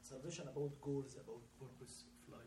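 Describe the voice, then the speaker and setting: A man in a Bible class giving hesitant, halting answers. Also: mid-range voice. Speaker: class participant. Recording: distant from the mic, noisy room.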